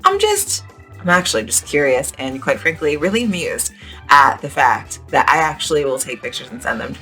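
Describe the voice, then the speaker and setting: Young female English teacher, low-pitched but bright, chatty and animated, lesson recorded outdoors with faint music behind. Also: moderate pace. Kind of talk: casual spoken lesson. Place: outdoors at a beach.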